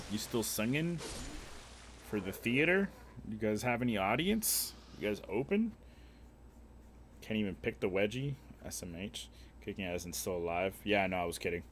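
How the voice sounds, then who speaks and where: A livestreaming man chats casually, rambling through crude jokes and heavy swearing with frequent fillers and restarts. His voice is lowish, with a faint hiss or hum in the audio.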